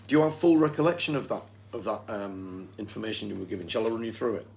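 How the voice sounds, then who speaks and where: A man's voice: lowish voice, quick pace, creaky, darkish tone. A man from Britain in casual chat, reading back notes from a session in a conversational way. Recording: faint background noise.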